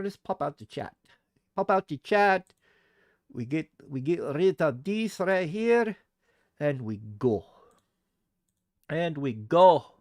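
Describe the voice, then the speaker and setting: A man's voice: fairly high pitch, sing-song, slow, pauses often, a little mellow, no echo, studio quality. A young man from the United States live-streaming at home, chatting goofily with viewers while he works. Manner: goofy, chatty, talks to chat while working. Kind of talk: casual live-stream chat.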